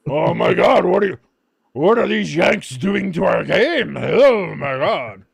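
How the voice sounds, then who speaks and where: A man doing a mocking impression of a whiny male European soccer purist in a shrill, high voice. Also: sing-song, measured pace, gravelly, breathy edge, dry recording, full character voice. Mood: whining mockery.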